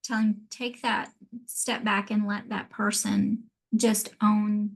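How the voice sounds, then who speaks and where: A woman hosting a podcast, affirming her guest and asking deliberate interview questions. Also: mid-range voice, flat delivery, gravelly. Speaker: podcast host.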